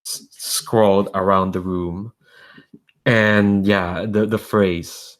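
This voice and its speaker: A man's voice: low voice, takes it slowly. A man narrating a tabletop role-playing game as game master, casually thinking aloud. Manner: relaxed, thinking aloud with fillers.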